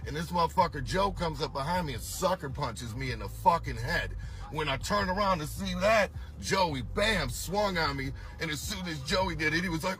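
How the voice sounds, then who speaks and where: A middle-aged man telling a story from his past in casual talk, animated and swearing constantly. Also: on the high side, moderate pace. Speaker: storyteller recounting a past tour.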